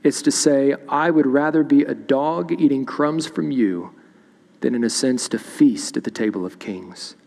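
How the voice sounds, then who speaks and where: A man's voice: mid-range voice, unhurried, vocal fry, a little mellow, in a large hall. A man preaching a sermon in a church, reading scripture aloud and explaining it verse by verse. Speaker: pastor. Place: church sanctuary.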